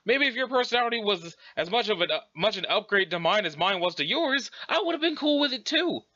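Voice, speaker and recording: A brash, boastful ghost troll girl, as a male reader plays her, swearing freely. The voice is high and bright, recorded a little dull and lo-fi. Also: sing-song, brisk, full character voice.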